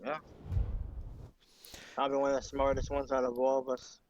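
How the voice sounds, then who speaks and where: A man's voice: mid-range voice, monotone, moderate pace, a little mellow, no echo, dull audio. Easygoing male podcast co-host. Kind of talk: casual chat.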